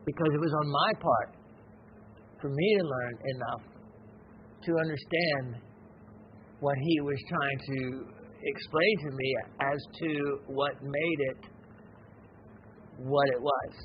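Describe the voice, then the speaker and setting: A man hosting a gem and mineral show, talking in a slow, rambling, reflective way with many pauses and fillers. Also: a little high, muffled recording, a little hiss or hum. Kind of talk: unscripted educational show talk.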